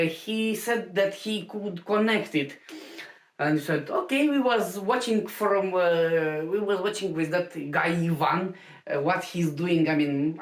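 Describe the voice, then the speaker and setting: Slow, halting woman in a roomy space. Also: mid-range voice. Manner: halting, many fillers and restarts. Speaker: stand-up comedian. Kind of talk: casual anecdotal storytelling. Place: home room. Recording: roomy home recording.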